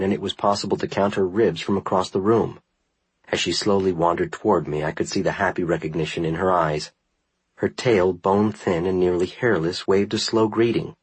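A man narrating a first-person memoir in a measured, earnest reading style. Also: sits low, breathy edge, no echo, poor audio. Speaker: audiobook narrator.

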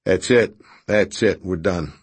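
A man voicing a brash, rough-talking man who speaks bluntly and loudly. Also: low-pitched, sing-song, moderate pace, exaggerated voice. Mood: brusque. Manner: loud, brusque, boisterous.

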